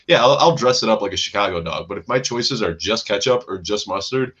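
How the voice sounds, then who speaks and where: Husky, emphatic male podcast guest. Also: lowish voice, expressive, fairly quick, a bit bright, lo-fi sound. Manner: emphatic, defiant opinions. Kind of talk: casual sports podcast chat.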